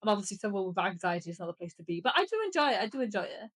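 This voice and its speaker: A woman co-hosting a casual podcast chat, telling stories with animated laughter. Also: mid-range voice, very fast. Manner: animated storytelling, laughs often. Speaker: podcast co-host.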